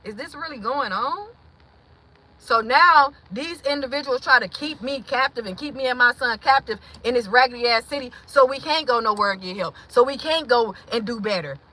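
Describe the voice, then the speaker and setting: Woman livestream host, raw and profane venting, greets chat, high piercing voice. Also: normal speed, low-quality recording. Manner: blunt and profane, swings from heated to hushed; greets chat viewers mid-rant.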